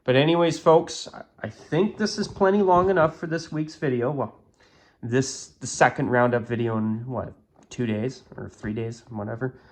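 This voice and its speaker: A man's voice: mid-range voice, normal speed. A man hosting his own channel, talking casually and with strong opinions, rambling with fillers and restarts, recorded on a phone. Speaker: YouTube channel host. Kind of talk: casual vlog commentary.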